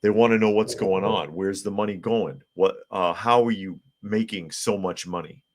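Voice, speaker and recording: Low-voiced guy running a live news show, reads comments, snarky asides. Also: moderate pace, a little hiss or hum. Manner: reads news aloud, adds mocking asides. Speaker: podcast host.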